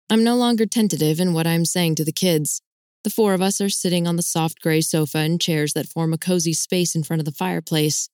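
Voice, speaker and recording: A woman narrating a first-person novel at a measured, even pace. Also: deep voice, no echo, clean studio sound. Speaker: audiobook narrator.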